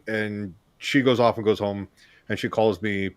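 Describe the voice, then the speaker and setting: A man hosting an interview, a lively and chatty storyteller in casual conversation. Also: fairly low pitch, measured pace, no room sound. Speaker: podcast host.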